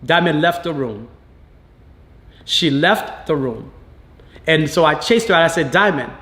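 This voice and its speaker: Animated storytelling father, higher-pitched man. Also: unhurried. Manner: lively retelling that acts out quoted dialogue. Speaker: father interviewed as a guest. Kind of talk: casual storytelling.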